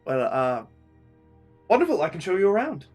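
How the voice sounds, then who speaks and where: Brief: flustered, apologetic town guide, as a man puts him on; stammers, repeats himself; fairly high voice, light music underneath. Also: huge pitch swings, normal speed, a little mellow, exaggerated voice. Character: nervous, apologetic male townsman guide.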